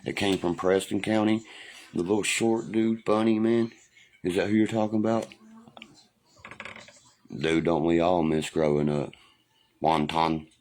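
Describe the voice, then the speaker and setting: A man chatting on a livestream, telling profane stories loudly and answering viewers' comments. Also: low voice, unhurried, pauses often. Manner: profane, loud storytelling, reads and answers comments. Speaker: livestream host. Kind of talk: casual livestream chat, reminiscing. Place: home livestream.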